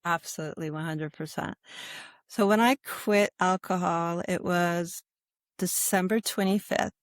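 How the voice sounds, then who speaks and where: A woman yoga instructor talking in a calm interview, with a soothing, guiding manner and a habit of asking "right?". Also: on the low side, measured pace, dry recording, studio quality. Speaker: yoga instructor and sobriety guest. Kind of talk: calm conversational interview talk.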